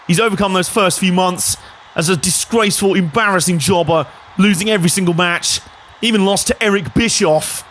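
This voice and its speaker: A man gives let's play commentary on a wrestling game with a rather high voice. He is jokey and sarcastic, chuckling at his own gags. A faint ambient hiss sits under the recording. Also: a little fast, a bit bright.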